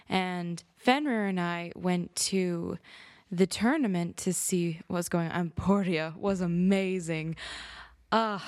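A woman, a tabletop game player, recapping the last session in a halting, thinking-aloud way. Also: on the low side, no echo, studio quality.

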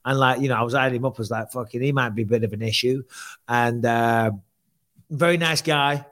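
A man's voice: mid-range voice, a little fast. A man, co-hosting a podcast and telling a story in casual chat, swearing often and acting out other people's lines. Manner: swearing, animated retelling with quoted voices. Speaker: podcast co-host.

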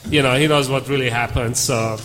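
A man's voice: mid-range voice, fairly quick. A man on a conference panel telling a story and acting out the dialogue as he goes. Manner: animated storyteller, acts out dialogue. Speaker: panel speaker. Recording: reverberant hall, faint room noise.

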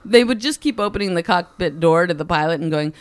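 Animated woman comedian telling stories. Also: lowish voice, dry recording. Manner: animated, laughs often, quick asides. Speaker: stand-up comedian guest. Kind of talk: casual anecdote storytelling.

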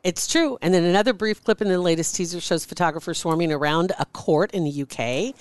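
A woman's voice: fairly low pitch, brisk, hardly any pauses, clean tone, no echo. A woman co-hosting a podcast, chatting casually and laughing as she tells stories. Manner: gossipy, laughs while telling stories. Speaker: podcast co-host. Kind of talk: casual chat.

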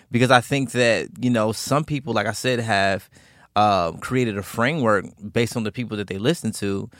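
A man's voice: lowish voice, fairly bright tone, no room sound, studio quality. A man co-hosting a podcast in casual chat, laughing easily and hesitating with ums and restarts. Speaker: podcast co-host.

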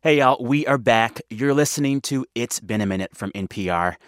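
A man's voice: mid-range voice, animated, moderate pace, clean tone, no echo, studio quality. A man hosting a radio show, chatting casually with a guest in a playful, upbeat way and laughing easily. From Texas. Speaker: radio host.

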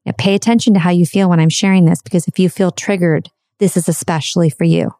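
A middle-aged woman speaking in a low, mellow voice with a gravelly edge. She tells a personal story earnestly, repeating phrases and dwelling on words. The sound is close and dry, with no room around it. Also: steady tone, no room sound. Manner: earnest, repetitive, slows for emphasis.

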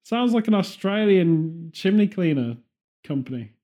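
A man's voice: high-pitched, lively intonation, a little slow, dark tone. An English man hosting a podcast, chatting casually with rambling, playful jokes and tangents. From England. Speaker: podcast host.

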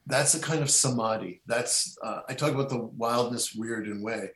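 Middle-aged male guest, rambling and halting delivery, echoey room. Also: mid-range voice, fairly bright tone. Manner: rambling, halting with many restarts and fillers. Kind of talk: casual conversation.

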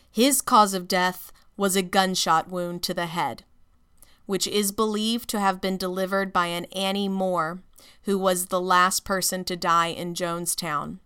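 Woman host, bright and very clear voice, measured casual narration. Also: lowish voice. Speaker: podcast host.

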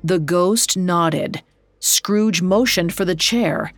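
A woman narrating a story from a script in a measured, dramatic way. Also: on the low side, expressive, vocal fry, no echo, faint music behind.

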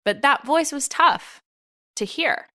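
A woman's voice: high voice, takes it slowly. A woman co-hosting a comedy podcast, playing a flustered girlfriend in an improvised sketch. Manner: flustered, animated, laughing through scenes. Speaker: podcast co-host.

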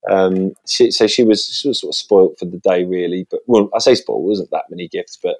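A man, a guest chatting casually and acting out lively voices in his stories. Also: low-pitched, brisk. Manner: chatty storytelling, lively voices when quoting. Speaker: guest, children's TV presenter. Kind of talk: casual interview chat.

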